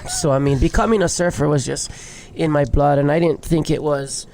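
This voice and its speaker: Over a noisy background, a big wave surfer from Hawaii in his thirties tells his life story on a podcast, openly, emotionally and swearing casually. His voice is a little high and gravelly, with a steady tone at normal speed.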